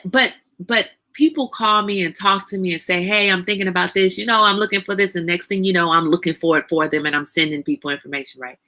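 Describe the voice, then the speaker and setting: Bright-voiced woman chatting on a livestream. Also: on the low side. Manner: animated, greets chat viewers by name, laughs often. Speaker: livestream host. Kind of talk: casual chat with viewers.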